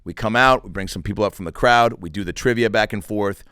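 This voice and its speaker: A man's voice: on the low side, fast talker, fairly bright tone, smooth, no echo. A man hosting his podcast, telling a story in a casual way, acting out quoted voices and swearing freely. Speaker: podcast host. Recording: dry studio with faint music.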